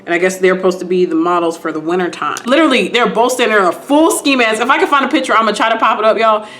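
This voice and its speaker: A woman vlogger retelling a TV episode to her viewers in a casual, animated way while doing her makeup. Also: medium pitch, racing, a little hiss or hum. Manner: animated, talks to viewers, acts out scenes.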